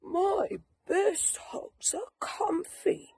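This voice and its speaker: A man's voice: very high voice, sing-song, extremely slow, vocal fry, a little mellow, pitched above the performer's own voice, heavily acted. A woman voicing a young male brown bear who longs for a hug, in a plaintive, eager storybook voice. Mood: pleading. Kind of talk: storybook reading.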